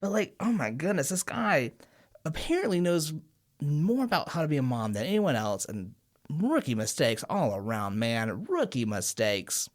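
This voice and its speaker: Podcast lady with a low voice, swoops all over when she gets going, curses a lot. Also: normal speed. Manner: animated recapping, swearing freely. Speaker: podcast co-host. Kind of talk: casual podcast chat.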